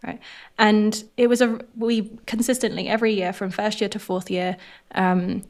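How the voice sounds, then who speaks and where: Posh english woman guest on a podcast, earnest and lively, laughs a lot. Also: mid-range voice, normal speed. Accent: posh southern English. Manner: earnest, animated, laughs often. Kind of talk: reflective interview conversation.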